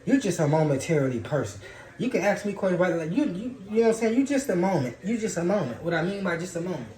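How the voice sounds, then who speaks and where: A man's voice: sits high, animated, rapid-fire, darkish tone. A man giving a loose, profane, preachy spiritual monologue in casual talk. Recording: roomy echo.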